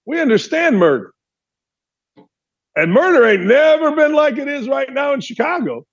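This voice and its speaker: A man's voice: very high voice, expressive, normal speed, highs cut off. A man from Indiana hosting a sports talk show, delivering an emphatic opinion monologue full of rhetorical questions.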